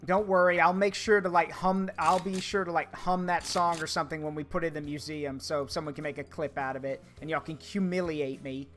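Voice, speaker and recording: A man's voice: a little high, fairly even intonation, a little fast, few pauses, a bit bright, faint music behind. A man streaming a game, chatting casually with his viewers as he works. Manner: chatty, talks to chat while working, hums tunes. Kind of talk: casual gameplay commentary.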